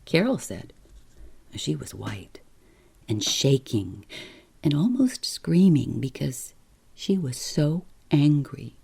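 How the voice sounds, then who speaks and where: A woman reading a bedtime story aloud in a soft, soothing, unhurried way. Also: a bass voice, big pitch swings, gravelly, slightly rough.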